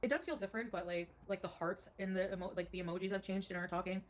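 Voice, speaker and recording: A woman's voice: medium pitch, fairly even intonation, fast, background noise. A woman from Canada telling a personal story on a livestream, rambling and emotional, full of "like".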